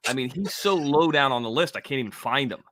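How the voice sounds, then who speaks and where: A middle-aged man who is a guest on a casual livestream chat, speaking haltingly with many stops and restarts. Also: medium pitch, expressive, fairly bright tone. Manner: halting, hesitant, lots of restarts. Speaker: guest, former wrestler.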